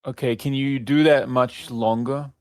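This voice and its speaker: A man in a casual test session, pushing an assistant with insistent requests. His speech halts and restarts as he searches for words, and his voice sits at an ordinary pitch in a dry setting. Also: steady tone, unhurried, a little mellow, dry recording. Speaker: user testing the assistant. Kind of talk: casual instructions.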